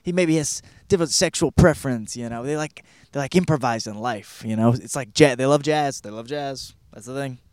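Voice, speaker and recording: A man's voice: mid-range voice, brisk, a little mellow, clear, resonant tone, no room sound. A man in his thirties from Michigan, hosting a podcast and reviewing a book in a rambling, profane, self-deprecating monologue. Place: California.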